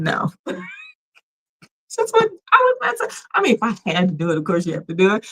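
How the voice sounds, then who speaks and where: A woman's voice: medium pitch, a bit bright, poor audio. A woman hosting a casual livestream, chatty and emphatic, with a polished radio voice. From United States. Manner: chatty, emphatic, often laughs and reads chat messages aloud. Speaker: livestream host.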